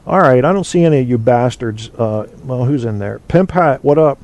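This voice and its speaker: A man's voice: mid-range voice, expressive, moderate pace, darkish tone. Rambling opinionated man hosting a show. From United States. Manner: rambling, opinionated, many fillers and restarts. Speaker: podcast host. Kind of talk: casual call-in show chat.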